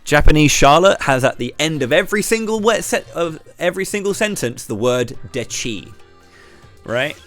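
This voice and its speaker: A British man with a slight lisp, streaming live and ranting to his chat while throwing quick questions at viewers. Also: on the high side, lively intonation, a bit bright, soft background music. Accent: British English. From Britain. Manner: ranty, talks straight to chat with quick questions.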